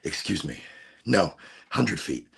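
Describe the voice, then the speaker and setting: Gravelly husky guy rambling on his home podcast, voice jumps up and down a lot, keeps restarting sentences. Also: low voice, very animated, takes it slowly. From Florida. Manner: rambling, self-interrupting, laid-back. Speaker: podcast host. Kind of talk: casual solo chat. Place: home room with window cracked.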